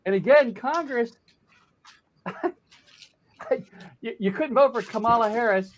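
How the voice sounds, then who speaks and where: Speaking at a measured pace in a very high-pitched voice, an older political commentator delivers a profane, blunt rant full of restarts and repeated words. A little hiss or hum sits in the recording.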